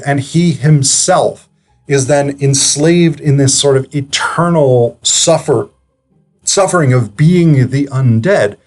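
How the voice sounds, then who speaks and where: Chatty man reviewing a film. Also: mid-range voice. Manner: chatty, digressive, hesitant with filler words. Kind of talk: casual analytical commentary.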